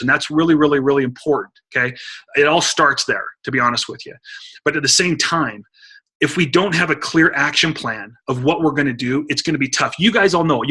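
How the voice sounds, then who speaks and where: A middle-aged man giving an energetic coaching talk to a sales team on a conference call, urging listeners he calls guys. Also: a little high, husky. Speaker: motivational speaker on a team call. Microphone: phone or computer mic on a conference call.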